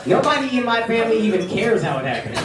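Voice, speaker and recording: A man in his thirties doing stand-up comedy and crowd work, loud and animated, shouting his punchlines in put-on voices. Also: very high voice, quick pace. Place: comedy club stage before a laughing crowd. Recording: roomy live club sound with loud crowd noise.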